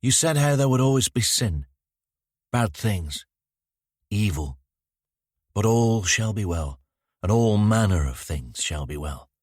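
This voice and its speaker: Brief: a man playing a haunted, sardonic detective with a very deep voice and a lively, swinging delivery. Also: unhurried, long pauses, husky, dry recording, studio quality, full character voice. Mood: hushed. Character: haunted adult male detective, wry and calm.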